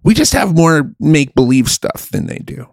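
A man's voice: fairly high pitch, big pitch swings, normal speed, creaky, no echo, clean studio sound. A man hosting a podcast in casual chat, profane and emphatic, rambling with a playful streak. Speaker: podcast host.

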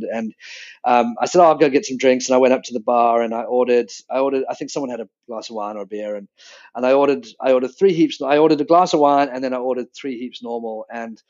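A man's voice: medium pitch, a little mellow, dull audio. A man, co-founder of a drinks business, chatting casually with many restarts and fillers. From Australia. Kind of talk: casual chat.

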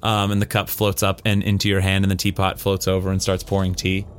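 A man narrating as game master of a tabletop game, relaxed and joking. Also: sits low, fairly quick, slight background noise.

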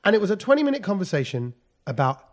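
A man co-hosting a radio show, telling overheard stories in animated casual banter and mimicking voices. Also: sits high, very fast. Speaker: radio co-host.

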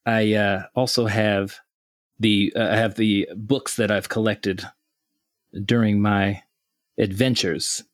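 Man as tabletop player, low voice, measured in-character speech. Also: flat delivery, dry recording, studio quality. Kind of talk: in-character role-play.

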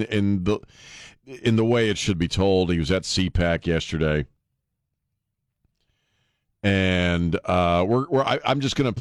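A man from the northern US hosting a casual talk radio show, rambling with many restarts and excited reactions. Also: deep voice, no room sound, clean studio sound. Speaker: radio host.

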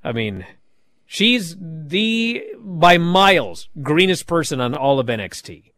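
A man hosting a wrestling podcast talks in a lively, swooping voice that sits a little high for a man. He tells stories animatedly and drops into mocking impressions. The sound is dry and close to the mic. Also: slow, no echo. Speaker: podcast host recapping wrestling. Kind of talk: casual recap chat.

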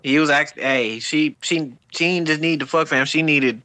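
Animated bright-voiced man, casual chat. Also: fairly high pitch, normal speed, no echo. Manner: animated, profane slang-heavy storytelling.

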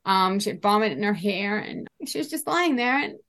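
A middle-aged woman speaking as a podcast guest, telling a painful personal story in a halting way, often repeating herself and trailing off. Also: mid-range voice, animated, a bit bright. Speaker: guest, bereaved mother.

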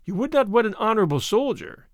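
A man's voice: high voice, sing-song, quick pace, no echo, voice pushed up. Arrogant bullying army captain, read by a man, sneering, mocking, storybook, dry sound.

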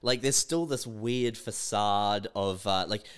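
A man's voice: takes it slowly, smooth. A man, a podcast co-host, joking and riffing in casual chat. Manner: joking, riffing on hypotheticals with lively jumps in pitch.

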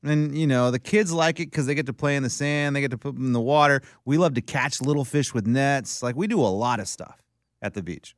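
A man's voice: mid-range voice, fairly quick, no room sound, clean studio sound. A man co-hosting, joking and teasing in casual chat. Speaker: co-host.

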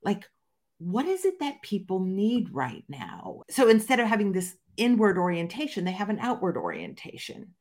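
A woman's voice: mid-range voice, huge pitch swings, normal speed, darkish tone. A woman guest in a conversational interview, explaining her research fluently and with emphatic stresses.

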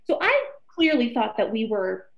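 A young woman from Texas tells her story in a casual chat. Her voice sits a little high, and she acts out her friends' lines with lively little voices. The recording sounds a bit muffled and lo-fi. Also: normal speed, gravelly. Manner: animated storyteller who acts out quoted friends. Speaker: guest, former reality show contestant.

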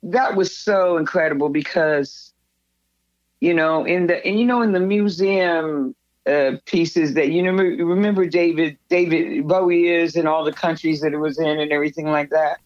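A woman guest telling stories in a casual interview, lively and acting out what others said. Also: sits low, moderate pace, no echo. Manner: animated storyteller, acts out others' lines. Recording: dull lo-fi recording.

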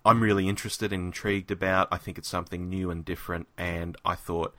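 A man's voice: sits low, little pitch movement, fast, fairly bright tone, no room sound. A man co-hosting a podcast and giving an enthusiastic, conversational episode review on a close mic. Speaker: podcast co-host. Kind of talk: casual review chat.

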